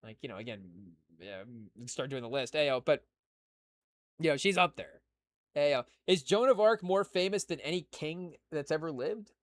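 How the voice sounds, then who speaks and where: A man's voice: fairly high pitch, animated, moderate pace, no room sound. A man hosting a podcast, chatting on his own in a rambling way with lots of fillers and restarts, talking to his live chat. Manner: talks to a live chat audience. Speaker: podcast host. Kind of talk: casual solo chat.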